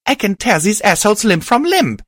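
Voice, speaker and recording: A man voicing a furious, grief-stricken young unicorn pony who shouts hoarsely. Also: high voice, big pitch swings, a little fast, no room sound, studio quality, voice pushed up, full character voice. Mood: furious, anguished.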